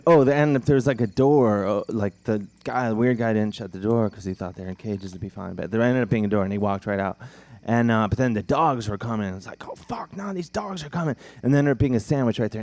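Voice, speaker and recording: A man's voice: lowish voice, a little mellow, dry recording. A man telling a rambling campfire story, laughing as he goes and briefly acting out the characters. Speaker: film director telling a story. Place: outdoor campfire event.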